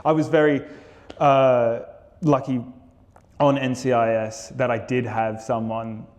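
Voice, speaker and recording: A man's voice: mid-range voice, flat delivery, measured pace, a little mellow, long reverb tail, lo-fi sound. A young Australian man, an actor, chatting animatedly as an interview guest, telling stories with laughs. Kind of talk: casual interview chat.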